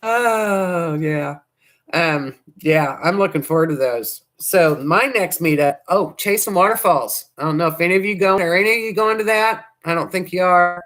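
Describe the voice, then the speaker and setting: Hoarse, rambling woman livestream host. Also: on the low side, moderate pace, a bit bright. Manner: rambling, chatty, trails off mid-thought. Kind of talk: casual livestream chat.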